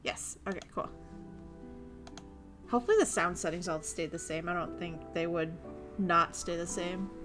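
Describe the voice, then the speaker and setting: A woman VTuber casually streaming a visual novel, reading it aloud with excitable, crude, giggly commentary. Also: lowish voice, moderate pace, long pauses, music in the background. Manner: crude, excitable, laughs and swears often.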